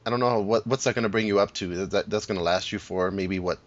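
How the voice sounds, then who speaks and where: Deep-voiced man, rambling podcast chat. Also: fast talker. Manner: rambling, many restarts and fillers. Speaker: podcast co-host. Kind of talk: casual chat about games. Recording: dull lo-fi podcast audio.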